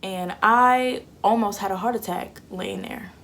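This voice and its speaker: A woman's voice: mid-range voice, measured pace, a bit bright. A young woman, chatting candidly and acting out what people said. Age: 20s. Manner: candid and chatty, acts out quotes. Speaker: vlogger. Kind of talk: casual storytelling.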